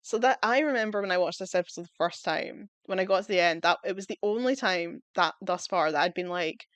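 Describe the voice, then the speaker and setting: A woman's voice: lowish voice, brisk, fairly bright tone, no echo. A woman chatting casually as she reviews TV episodes, enthusiastic and rambling, often breaking into laughter. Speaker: video reviewer.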